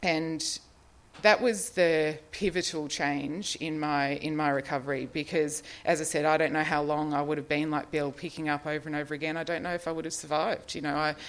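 A woman's voice: deep voice, fairly even intonation, normal speed. A middle-aged Australian woman in recovery, telling her own story in a rambling, self-deprecating way with frequent little laughs and fillers. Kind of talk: personal testimony, casual storytelling.

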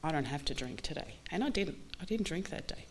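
A woman candidly telling her recovery story in a halting, earnest way, full of restarts. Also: deep voice, lively intonation, slight background noise. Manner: candid, halting, many restarts and you-knows. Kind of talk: personal testimony talk.

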